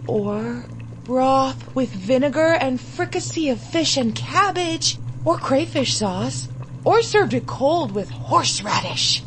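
A woman reading a literary short story aloud in an expressive, dramatic storytelling manner. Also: a little high, a little hiss or hum, low-quality recording. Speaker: story reader.

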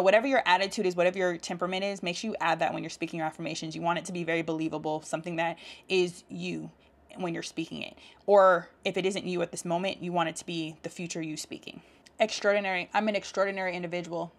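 A self-help vlogger with a fairly low, gravelly voice talks casually to camera. She reads affirmations aloud and explains them, warm and encouraging, laughing often.

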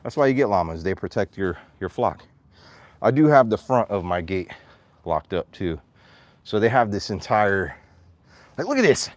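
A man livestreaming from his farm, chatting with viewers and calling to his animals in a high voice, a little out of breath. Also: moderate pace, dry recording. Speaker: vlogger, farm owner. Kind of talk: casual livestream vlog. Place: outdoors on a farm.

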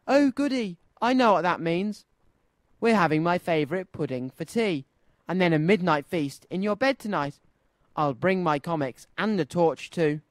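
A man's voice: on the high side, animated, normal speed, no room sound, close to an everyday voice. A man voicing an eager little girl who plays at being a spy, in a children's radio story. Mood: excited.

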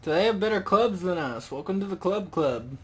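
A young man casually commentating a video game, rambling and joking, excited. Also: high voice, moderate pace, a little hiss or hum. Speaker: gaming video host. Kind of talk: casual let's-play commentary.

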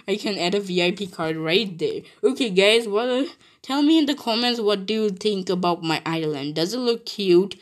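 A woman giving casual gameplay commentary, giggly and excitable, laughing often and chattering with exclamations. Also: mid-range voice. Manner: chatty, with frequent restarts and exclamations. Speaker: gaming video creator.

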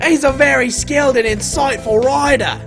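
A man voicing a fussy pigeon with a put-on, shaky French accent, reading game dialogue in a theatrical, drawn-out way. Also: extremely high pitch, vocal fry, a bit bright, faint music behind, voice pushed up, full character voice. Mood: coaxing.

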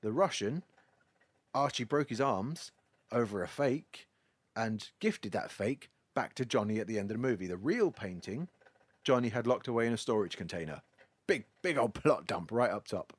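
A man's voice: medium pitch, animated, normal speed, slightly rough, no echo. A man hosting a podcast, wryly recapping a film plot in a casual, storytelling way. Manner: wry, storytelling. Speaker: podcast host.

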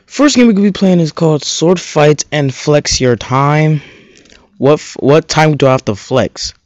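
A young man giving casual, excitable gameplay commentary as a gaming video host, trash-talking other players in slang. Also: fairly high pitch, normal speed, dry recording, highs cut off. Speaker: gaming YouTuber. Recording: loud game music behind. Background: loud game music.

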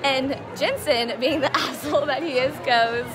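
A young woman vlogging in a busy convention hallway, chatting fast and giggling as she tells stories. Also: high-pitched, crowd noise. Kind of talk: casual vlog chat. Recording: noisy crowded hall with music.

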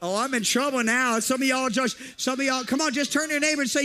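A man's voice: very high voice, steady tone, quick pace, pushed and bright. A man preaching a fervent sermon to a congregation, repeating phrases and urging the listeners to respond. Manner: fervent, repetitive exhortation to the congregation.

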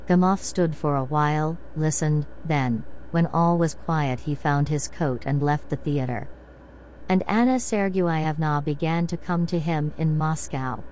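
A woman narrator reading a classic short story aloud in a slow, soothing bedtime reading style. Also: low-pitched, darkish tone, a little hiss or hum, low-quality recording.

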